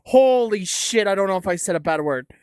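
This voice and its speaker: A woman's voice: medium pitch, lively intonation, fairly quick, darkish tone, smooth, dry recording. A young woman hosting a casual livestream, reading chat aloud with a giggly, stammering, jokey way of talking. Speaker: livestream host.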